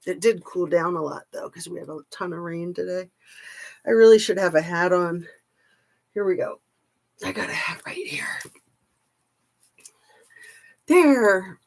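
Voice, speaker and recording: A woman's voice: lowish voice, normal speed, creaky, a little mellow. A woman commentator chatting casually to her camera, with scornful asides. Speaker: YouTube commentator.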